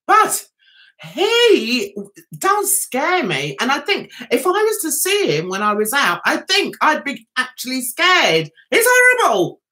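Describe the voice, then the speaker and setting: Lively, bright-voiced Cockney woman chatting. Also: on the high side. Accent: London Cockney. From England. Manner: chatty, reads viewer comments aloud and answers them. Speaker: livestream host reviewing TV. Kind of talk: casual livestream chat.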